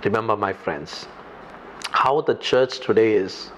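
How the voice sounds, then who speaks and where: A man's voice: on the low side, unhurried, a bit bright, slight background noise. A pastor from India preaching a sermon in English with an Indian accent, emphatic and repeating his key phrases.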